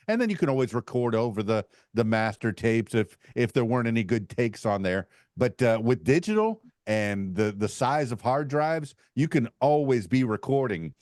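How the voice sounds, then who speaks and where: Rambling man, middle pitch, dry. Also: a little mellow, no echo. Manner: rambling, many fillers and false starts. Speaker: podcast panelist. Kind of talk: casual chat.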